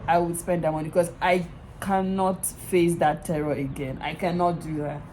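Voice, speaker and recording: A young woman from Nigeria with a Nigerian accent, casually telling a story to her vlog audience in an animated, exasperated way, speaking into a handheld phone at an outdoor bus stop. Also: lowish voice, moderate pace, background noise. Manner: animated, exasperated retelling with laughs. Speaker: vlogger.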